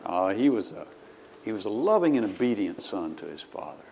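A man's voice: lowish voice, very animated, fairly quick, vocal fry, darkish tone, a little hiss or hum. A man preaching a sermon in a church. He talks in a folksy way and reads scripture aloud with rising emphasis. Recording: slightly dull recording with faint ambience.

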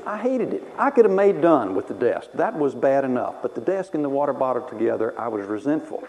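A man's voice: medium pitch, sing-song, fairly quick, a little mellow, poor audio. A man from Texas preaching a sermon through personal stories, wry and self-mocking, laughing at himself as he tells them.

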